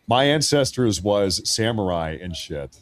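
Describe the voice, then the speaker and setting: An American man from the United States hosts a livestream with a lowish voice on a dry recording. He offers casual news commentary that is blunt, crude and full of jokes.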